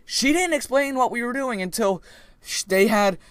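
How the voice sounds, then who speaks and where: A young man vlogging casually, retelling a story in a rambling, animated way with many restarts. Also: very high-pitched, normal speed, no room sound, studio quality.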